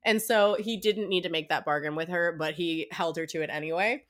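A woman co-hosting a casual book podcast, telling a story in a giggly, animated way with lots of fillers. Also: on the low side, a little fast. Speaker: podcast co-host.

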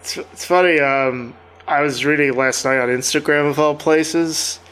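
A man's voice: a little high, fairly even intonation, measured pace, a bit bright, clean tone. A man co-hosting a podcast, talking in a loose, wry and joking casual chat. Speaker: podcast co-host.

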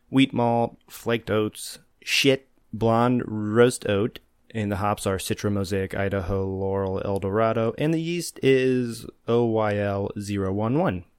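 An easygoing young man with a lowish voice, co-hosting a relaxed podcast. He explains things plainly and chuckles now and then. His voice is recorded close and dry. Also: clear, resonant tone, no echo. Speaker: podcast co-host. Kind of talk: casual podcast chat and reading info.

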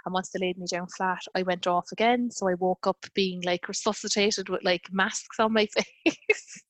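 A woman's voice: mid-range voice, fairly even intonation, normal speed, no room sound. A woman in her thirties telling a personal story in casual conversation, with lots of fillers and quoted dialogue.

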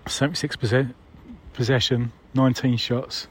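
A man's voice: mid-range voice, steady tone, moderate pace, breathy edge. A man leaving a casual voicemail, conversational and wry, with mild swearing.

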